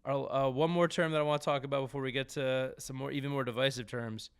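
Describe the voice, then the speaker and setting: A man's voice: medium pitch, fast talker, clear, resonant tone. Joking New man hosting a podcast. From New Jersey. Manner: animated, stumbling restarts, joking. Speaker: podcast host. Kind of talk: casual chat.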